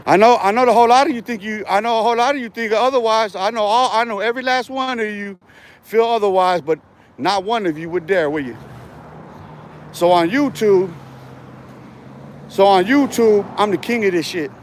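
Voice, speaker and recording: A man's voice: sits high, quick pace, slight background noise. A man livestreaming a confrontational, aggressive and profane rant from outdoors by a street on a handheld phone. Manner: aggressive, profane trash talk.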